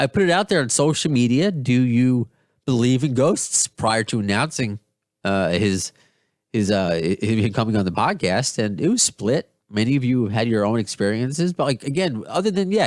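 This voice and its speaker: A man's voice: fairly low pitch, no room sound, clean studio sound. Rambling, enthusiastic male podcast host. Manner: rambling, enthusiastic, many restarts. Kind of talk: casual podcast talk.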